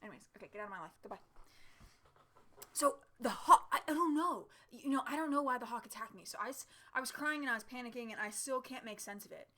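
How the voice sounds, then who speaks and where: A woman vlogging from home in a casual, chatty storytelling style, with lots of fillers and laughs along the way. Her voice is bright and forward. She talks straight into her camera from a chair. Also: sits high, fast, hardly any pauses. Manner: chatty, animated, laughs often, many fillers.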